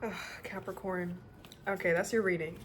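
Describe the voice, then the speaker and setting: A woman's voice: on the low side, steady tone, moderate pace, very noisy. A woman giving a casual tarot reading to camera, emotional and rambling, swearing freely and often near tears. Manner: rambling with many restarts. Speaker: tarot reader.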